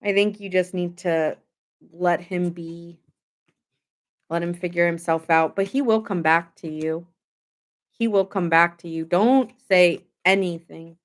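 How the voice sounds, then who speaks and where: A young adult woman gives a casual tarot reading to camera, speaking emphatically with lots of filler words and open indignation. Her voice is lowish and unhurried, with fairly even intonation.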